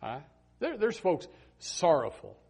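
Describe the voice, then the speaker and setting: A male pastor delivering an emphatic sermon in a slightly higher, husky voice. His pitch moves widely and expressively from phrase to phrase. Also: wildly swooping pitch, slow pace, a little mellow. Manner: impassioned, emphatic preaching.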